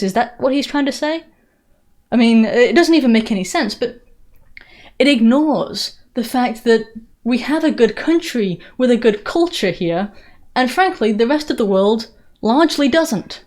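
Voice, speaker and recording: A woman's voice: fairly high pitch, animated, moderate pace, darkish tone. A woman from England with a blended English and American Southern accent, doing live-stream political commentary with a sarcastic, mocking manner and frequent restarts. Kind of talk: live-stream commentary answering viewer questions.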